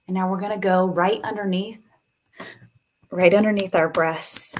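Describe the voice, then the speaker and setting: A woman guiding a live tapping and meditation session, speaking slowly and soothingly and sighing between cues. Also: medium pitch, steady tone.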